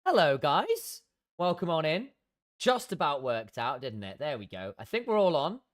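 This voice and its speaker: Lively, animated male game streamer. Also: fairly high pitch, moderate pace. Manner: chatty, mutters to himself while fiddling with settings. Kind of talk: casual live-stream chat.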